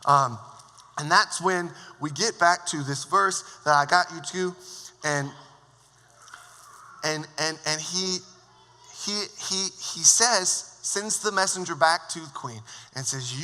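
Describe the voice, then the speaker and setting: A man preaching a sermon as worship leader, telling the story in a lively, joking way. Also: on the high side, slow pace. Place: church sanctuary. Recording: long church hall reverb.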